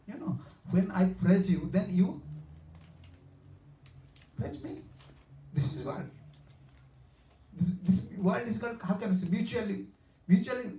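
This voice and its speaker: A man's voice: high voice, highs cut off. A man giving a devotional lecture as a spiritual teacher, telling stories earnestly, repeating himself and chuckling, recorded from a distance in a hall. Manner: earnest, repetitive, chuckling storyteller. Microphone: room mic, far off.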